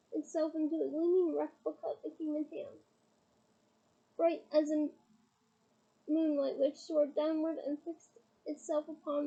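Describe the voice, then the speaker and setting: A woman reading a novel chapter aloud in a steady, deliberate storytelling manner. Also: sits high, creaky, highs cut off. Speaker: reader. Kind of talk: audiobook reading.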